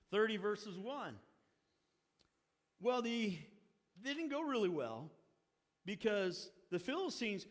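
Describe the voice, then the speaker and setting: Male pastor, high voice, lively sermon storytelling, echoey church hall. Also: a little slow, long pauses. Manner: animated storytelling, acting out the characters' lines. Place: church sanctuary. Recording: long hall reverb.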